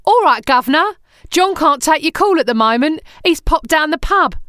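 A woman's voice: high voice, lively intonation, normal speed, fairly bright tone, no echo, studio quality, pitched above the performer's own voice. A woman putting on a chirpy Cockney bloke. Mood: chummy. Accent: Cockney, put on. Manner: cheery, chummy. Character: chirpy Cockney man on an answerphone.

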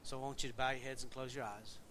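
A man's voice: mid-range voice, fairly even intonation, fast talker, bright, forceful tone, slight background noise. A man preaching a casual, folksy sermon, joking and chatting directly with his congregation in a church. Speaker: pastor.

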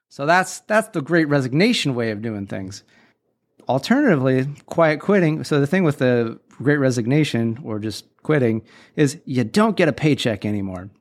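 A man's voice: mid-range voice, animated, fairly quick. Blunt, opinionated podcast host in his 40s. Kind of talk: casual solo podcast talk.

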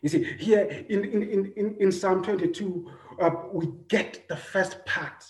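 A man, preaching a personal sermon, earnest, repeating his phrases, swinging between loud and soft. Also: high voice, a little slow. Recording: echoey room.

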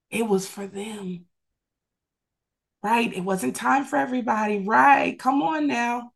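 A woman's voice: on the high side, fairly even intonation, unhurried, vocal fry. A woman teaching a Bible study over a video call, preaching fervently in rhythmic, repeated phrases and calling on listeners to respond. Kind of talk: sermon-style Bible teaching.

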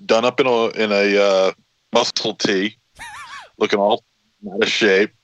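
A man co-hosting a podcast, telling things in a playful, lively way. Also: fairly low pitch, measured pace, low-quality recording. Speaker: podcast co-host. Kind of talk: casual podcast banter.

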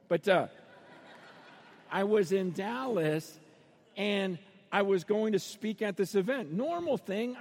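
A middle-aged man with a high voice preaches a sermon in an arena. He tells stories and acts out the voices of the people in them, now and then rising to a shout. His words ring out with the long echo of a big hall. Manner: storytelling, acting out voices with sudden shouts. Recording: long reverb of a large arena.

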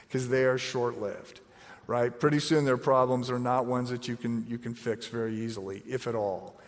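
A middle-aged man preaching a sermon in a conversational, self-deprecating way, often repeating words as he starts a thought. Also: medium pitch. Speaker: pastor. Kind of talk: sermon with personal story. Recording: echoey hall.

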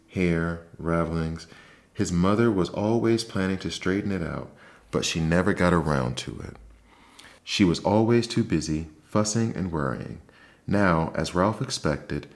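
Deep-voiced man reading a bedtime story. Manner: soft, calm reading.

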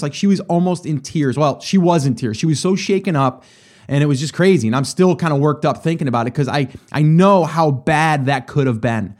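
A middle-aged man hosts a show, spinning a personal story in a relaxed, conversational way before turning it into business advice. His voice sits a touch high for a man, and he talks straight to his listeners with plenty of fillers and asides. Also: a little fast. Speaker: podcast host. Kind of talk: casual storytelling and business motivation talk.

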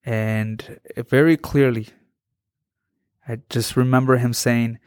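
A man in his thirties telling his life story as an interview guest, earnest and halting, often restarting his sentences. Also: medium pitch, steady tone, a little mellow, clean tone, no echo, studio quality. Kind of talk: personal testimony.

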